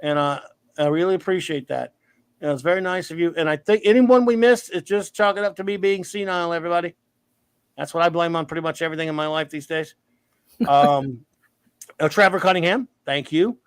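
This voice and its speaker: A man with a high voice hosts a casual live talk show. He rambles playfully and pokes fun at himself. The sound is dry and close, with no room around him. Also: fairly quick, clear, resonant tone, dry recording. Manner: rambling, playful, self-mocking. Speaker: livestream show host. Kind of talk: casual chat.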